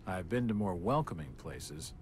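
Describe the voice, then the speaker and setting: A calm, measured investigator from a video game, with a lowish voice that still moves around a lot. His delivery stays dry, and a faint hiss runs behind the game audio.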